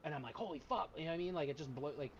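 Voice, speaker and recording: A man's voice: a little high, racing, a little mellow, a little hiss or hum. Rambling, profane man on a lo-fi stream. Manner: profane, rambling, heavy use of filler "like". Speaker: tabletop game player. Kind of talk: casual chat. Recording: slightly muffled lo-fi stream audio.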